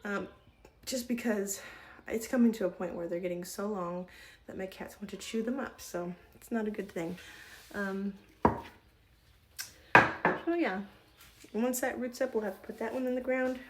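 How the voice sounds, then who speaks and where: A woman's voice: mid-range voice, normal speed, long pauses, slight background noise. A woman streaming live from home, chatting casually to herself and her viewers while gardening, a little out of breath and swearing now and then. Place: home indoors.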